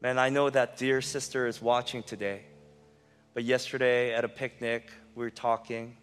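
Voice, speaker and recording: A male pastor preaching a sermon with passion, swinging from loud emphasis to hushed intensity. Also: medium pitch, little pitch movement, normal speed, clean tone, in a large hall, faint music behind.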